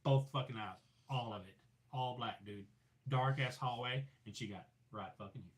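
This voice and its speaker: A man's voice: mid-range voice, moderate pace. A man telling a ghost story in casual chat, swearing freely and acting out the voices in it. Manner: animated storyteller, acts out voices, swears a lot. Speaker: podcast guest, paranormal investigator. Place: vehicle, talking into phone setup.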